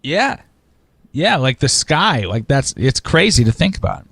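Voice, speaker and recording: A man's voice: fairly high pitch, sing-song, unhurried, vocal fry, fairly bright tone, husky, no echo. A man co-hosting a casual podcast who tells self-deprecating stories and laughs often. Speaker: podcast co-host. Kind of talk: casual banter.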